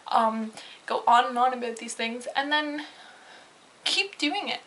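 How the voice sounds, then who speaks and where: A woman's voice: a little high, measured pace, fairly bright tone, low-quality recording. A young woman talking in a casual confessional vlog, rambling and heated, with lots of fillers and swearing. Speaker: vlogger.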